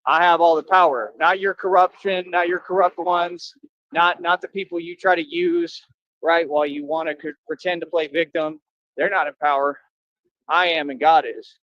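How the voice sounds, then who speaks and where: A man's voice: a little high, steady tone, moderate pace, a bit bright, dry recording, highs cut off. A man livestreaming, talking to his viewers in a boastful, confrontational rambling monologue with slangy street talk.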